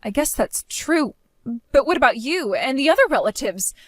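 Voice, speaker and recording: A woman's voice: sits high, animated, normal speed, no room sound, studio quality. A woman voicing Annie, a whiny self-absorbed bride. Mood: demanding. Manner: whiny, pleading, self-centered. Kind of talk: dramatized story voice acting.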